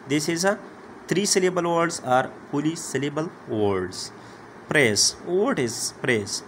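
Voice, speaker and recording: A man teaching a grammar lesson, halting often with "uh" and "okay" as he explains. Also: on the high side, slight background noise. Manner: slow, halting, many "uh" and "okay" fillers. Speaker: English teacher.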